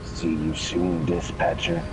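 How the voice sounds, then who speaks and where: A sinister faceless phantom voiced by a man speaks in a low, drawn-out half-whisper that drops well below the speaker's normal pitch. The menace is quiet rather than loud, and the recording sounds a little muffled and lo-fi. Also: completely flat delivery, noisy background. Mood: menacing. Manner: slow, drawn out.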